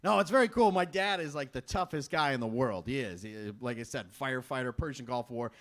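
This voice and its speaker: A man in his thirties doing a stand-up comedy set, self-deprecating and jumping into loud voices when quoting people. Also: medium pitch, fairly quick.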